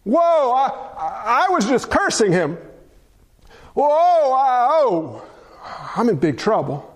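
A man's voice: very high-pitched, sing-song, slow pace, exaggerated voice. A man voicing a repentant male criminal dying on a cross, stammering awestruck exclamations.

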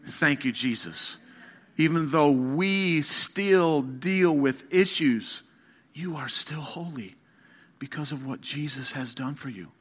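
Slow, bright-voiced male preacher. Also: fairly high pitch, breathy edge. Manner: emphatic, swings from soft near-whispers to loud rising appeals; slow, deliberate delivery. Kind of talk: sermon.

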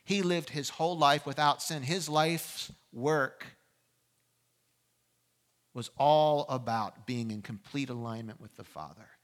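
A man preaching a sermon, telling his story with animated voices and direct questions to the listeners. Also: medium pitch, slow pace. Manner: animated storytelling, acting out voices in a courtroom scene. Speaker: pastor.

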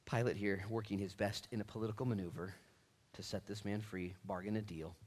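A male pastor delivering a dramatic sermon, swinging between near-whispers and shouts. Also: lowish voice, fast talker. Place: church.

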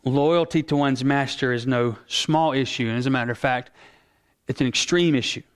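A male pastor preaches a sermon earnestly and emphatically, slowing down to stress key words, with a clean, medium-pitched voice.

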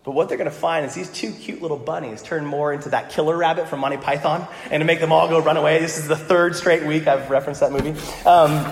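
A man's voice: on the high side, steady tone, quick pace, few pauses, slight background noise. A male pastor preaching a sermon in a casual, joking way, with playful voiced asides. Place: church sanctuary. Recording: echoey hall with long reverb.

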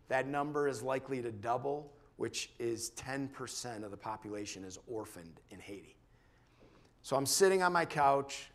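Brief: man giving a church testimony, earnest and halting, mid-range voice, restarts often. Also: mid-range voice. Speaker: church member sharing a testimony. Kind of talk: personal testimony talk.

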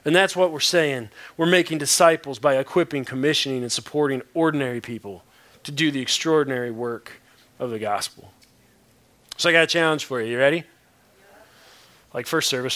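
Brief: male preacher, slightly high voice, bright and forceful, punchy repetitions, jokey asides. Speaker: pastor. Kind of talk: sermon.

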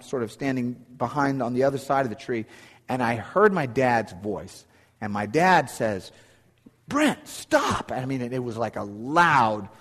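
Pastor preaching in a reverberant hall. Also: male voice, medium pitch. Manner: earnest storytelling with frequent restarts. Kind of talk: sermon.

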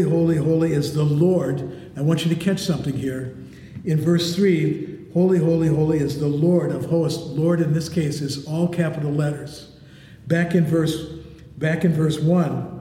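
Man preaching in an echoey hall. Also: on the high side. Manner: emphatic preaching, dropping to a hush on key words. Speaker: pastor. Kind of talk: sermon. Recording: echoey hall with long reverb.

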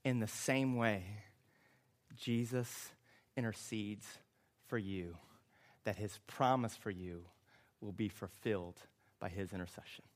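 A man preaching a sermon as a pastor, with emphatic, repetitive phrasing that builds to loud, impassioned passages. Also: lowish voice, slow, long pauses.

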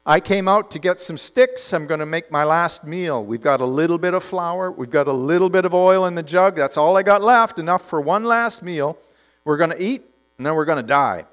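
A man's voice: on the high side, moderate pace, fairly bright tone, lightly acted. A man voicing a desperate poor widow woman, talking in an exasperated, raised voice.

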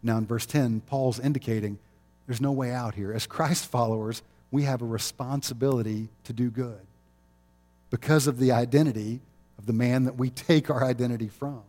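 A man's voice: mid-range voice, fairly even intonation, normal speed, dark tone. A male pastor preaching a sermon in a chapel, conversational and often chuckling.

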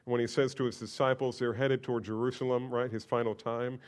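A man delivering a sermon with a mid-pitched voice. He moves between quiet, careful explanation and loud, emphatic bursts of conviction, speaking like a pastor teaching a congregation. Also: a little fast. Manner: expressive preaching, rising to loud emphatic outbursts.

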